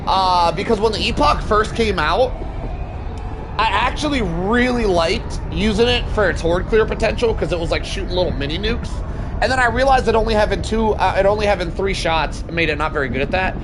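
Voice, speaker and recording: A young man streaming a co-op shooter, joking with his chat and now and then bursting into shouts. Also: sits high, animated, fairly quick, noisy background. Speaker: game streamer. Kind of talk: casual gaming stream chat.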